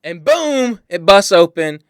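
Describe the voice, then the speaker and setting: A man co-hosting a podcast, casually and excitedly retelling a movie's plot. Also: sits high, slow pace, clean tone, no room sound, studio quality. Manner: animated storyteller, swears, acts out lines. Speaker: podcast co-host. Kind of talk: casual movie-recap chat.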